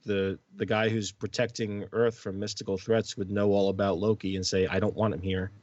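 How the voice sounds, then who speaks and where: A man's voice: lowish voice, level tone, a little fast, darkish tone, no room sound, lo-fi sound. A man co-hosting a movie podcast, giving an enthusiastic, easygoing review. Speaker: podcast co-host.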